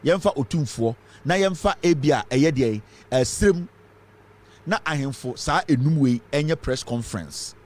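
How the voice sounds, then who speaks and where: A man's voice: on the high side, expressive, moderate pace. A man from Ghana with a Ghanaian accent, giving fiery political commentary full of rhetorical questions. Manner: fiery, rhetorical questions, mixes English and Twi.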